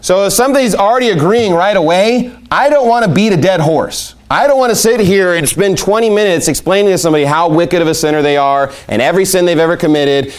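A man's voice: high-pitched, lively intonation, quick pace, few pauses. A man teaching how to share the gospel in a conversational way, asking rhetorical questions and acting out both sides of an exchange. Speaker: evangelism teacher. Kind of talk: instructional talk on sharing the gospel.

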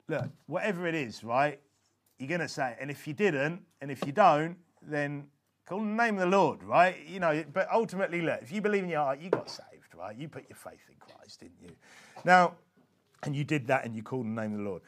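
A man's voice: on the high side, animated, fairly quick, a bit bright, slight background noise. A man giving an informal religious teaching talk, earnest and emphatic, often checking in with "okay?" and restarting his phrases. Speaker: evangelism instructor.

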